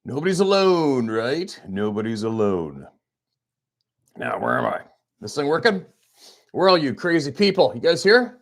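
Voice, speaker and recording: A man's voice: a little high, sing-song, moderate pace, vocal fry, a bit bright. A man hosting a hunting channel, chatting casually on a livestream from a farmhouse, playful and teasing. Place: small farmhouse at Christmas.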